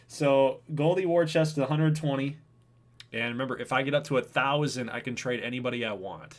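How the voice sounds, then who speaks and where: A man's voice: medium pitch, fairly quick. A man casually hosting a baseball video game franchise livestream, chatting with viewers by name. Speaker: host of a franchise stream.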